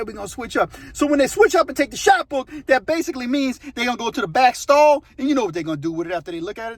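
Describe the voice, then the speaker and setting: Casual male storyteller, rambling and conversational, fairly high voice. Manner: rambling, conversational, frequent "you know what I mean". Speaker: storyteller, channel host.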